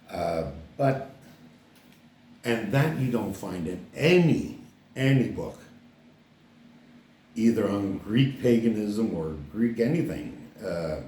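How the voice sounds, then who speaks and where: A man's voice: low voice, a little mellow, a little hiss or hum. An older man from Canada, an author talking casually to camera about his book, rambling with many fillers and restarts. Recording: roomy echo, distant mic.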